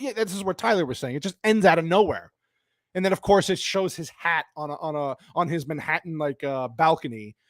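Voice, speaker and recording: A man's voice: a little high, fairly bright tone, no room sound, studio quality. Ranting, cursing man on a stream. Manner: angry, profane, rambling with restarts; reads and answers chat viewers. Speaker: live stream host. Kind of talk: live-streamed movie rant.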